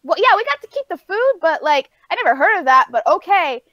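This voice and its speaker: High-voiced woman telling a story, dry sound. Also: brisk, dry recording, muffled recording. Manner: animated storytelling with laughs and acted-out quotes. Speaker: podcast co-host. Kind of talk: casual chat, telling a story.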